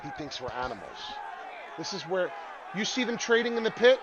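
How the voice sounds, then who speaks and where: A man hosting a casual crypto livestream, talking in an excitable, rambling way with frequent swearing. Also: high voice, fairly quick, highs cut off, crowd noise. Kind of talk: casual live chart talk.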